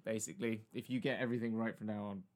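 A man chatting casually as a game player, swearing freely and exclaiming loudly. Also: fairly low pitch, fairly even intonation, very fast. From England. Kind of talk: casual chat.

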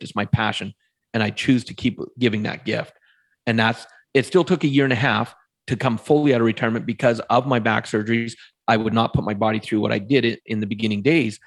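A man in his fifties, a podcast guest, telling a personal story in a lively way and acting out the voices of the people in it. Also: mid-range voice. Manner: animated storyteller, acts out quoted voices.

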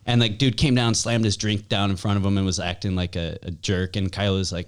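Brief: man, fairly low voice, relaxed venue manager telling a story. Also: brisk. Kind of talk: casual chat.

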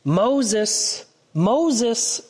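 A man's voice: on the high side, expressive, normal speed, darkish tone. A man voicing a commanding, thundering God from a burning bush, reading a children's storybook aloud in a church. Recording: reverberant church hall.

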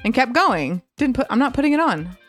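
A woman's voice: high voice, brisk, faint music behind. A woman co-hosting a podcast, telling a story in a casual rant, swearing freely and acting out the other people's lines. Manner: animated storyteller, swears freely, acts out quotes. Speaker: podcast co-host. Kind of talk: casual chat, ranting.

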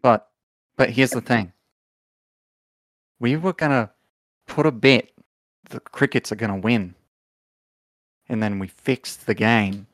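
A scheming grifter father, played by a man, drawls through his pitch in a put-on Australian accent, halting on "uh" as he lays out his plans. His voice sits at a middling pitch. The sound is dry and close to the mic. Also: dry recording, close to an everyday voice. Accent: attempted Australian.

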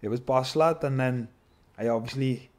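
A man, a guest telling his story in an animated, casual way, swearing and calling everyone lad. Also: mid-range voice, moderate pace. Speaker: podcast guest, MMA fighter.

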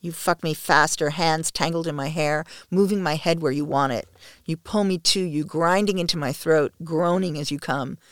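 A woman narrating an intimate first-person story in a soft, hushed, slow manner. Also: deep voice, no room sound, studio quality.

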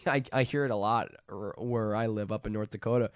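Here a man with a lowish voice reads from the Bible at a moderate pace and then talks through the passage earnestly and conversationally. He's a Bible teacher living in North Dakota, and the setting is a casual reading and discussion. The audio is studio quality with no room sound.

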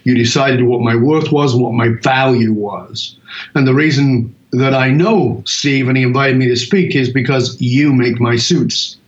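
A British man in his sixties, a guest telling animated stories and acting out the other people in them. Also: mid-range voice, measured pace. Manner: animated anecdotes, acts out quoted voices. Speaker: guest speaker. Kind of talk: storytelling in an interview. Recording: roomy, dull lo-fi audio.

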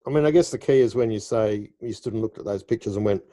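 Mellow low-voiced male interviewer. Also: fast. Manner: chatty, anecdotal, playful. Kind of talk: interview conversation.

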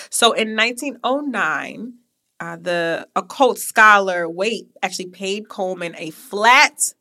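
A woman's voice: medium pitch, pushed and bright. A young woman hosting a podcast, telling a history story in a casual, chatty way with asides to her listeners. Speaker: podcast host.

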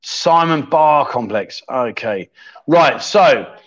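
A man's voice: mid-range voice, animated, takes it slowly, fairly bright tone. A man hosting a casual livestream chat show, joking around and thinking aloud as he reads out viewer comments. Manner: chatty, jokey, thinks aloud while scrolling comments. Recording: slightly dull lo-fi sound.

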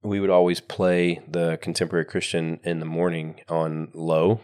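Very deep-voiced, calm man. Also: normal speed, clean tone. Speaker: podcast co-host. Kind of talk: casual chat.

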